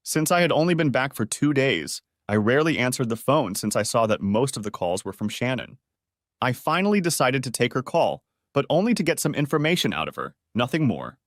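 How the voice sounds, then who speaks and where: A man's voice: medium pitch, big pitch swings, fairly quick, no echo, studio quality. A man narrating a first-person story in a bitter, vengeful manner.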